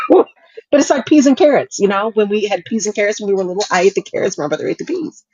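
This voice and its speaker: A woman's voice: medium pitch, lively intonation, fast talker, darkish tone, breathy edge, no room sound, poor audio. A woman co-hosting a talk show, chatting casually and laughing often as she talks. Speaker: podcast co-host. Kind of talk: casual chat.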